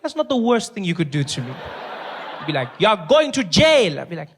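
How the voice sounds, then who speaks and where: A man's voice: on the high side, sing-song, fast talker, a little hiss or hum. South African man doing stand-up. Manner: playful storytelling, often laughing mid-line. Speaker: comedian. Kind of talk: stand-up comedy.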